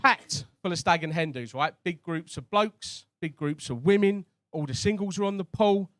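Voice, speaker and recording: A stand-up comedian works a comedy club crowd. He is chatty and cheeky, with a fairly high voice for a man, speaking into a stage mic. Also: normal speed, fairly bright tone, no echo.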